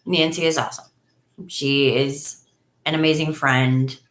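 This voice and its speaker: A woman's voice: fairly even intonation, a little slow. A woman, hosting a casual live stream from home and chatting effusively with viewers on a webcam. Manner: chatty and effusive, often acts out her own past lines in a higher voice. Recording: echoey room sound.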